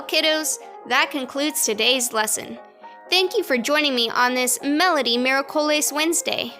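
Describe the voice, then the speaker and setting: High-voiced upbeat woman music teacher. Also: pushed and bright. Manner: upbeat, encouraging, chanting spelled letters. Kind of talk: online children's lesson. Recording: roomy and noisy home recording.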